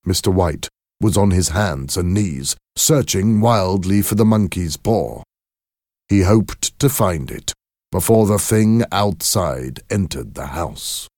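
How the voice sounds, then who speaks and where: A man narrating a scripted story in a measured, expressive way. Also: low-pitched, dry recording, studio quality.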